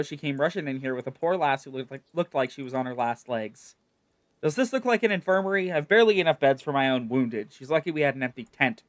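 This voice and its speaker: A man's voice: medium pitch, close to an everyday voice. A man voicing a blunt, weary male camp commander in a game, with dry, grumbling delivery.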